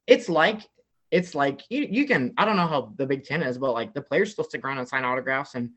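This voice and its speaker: A young man from the American South telling an excited story in casual chat, filling his talk with "like" and acting out what people said. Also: mid-range voice, brisk, slightly rough. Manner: excitable storyteller, heavy "like" filler, acts out quotes. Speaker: guest telling a travel story.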